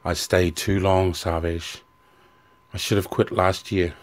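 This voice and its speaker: A man voicing a brooding middle-aged commanding officer who gives quiet orders. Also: low voice, flat delivery, takes it slowly.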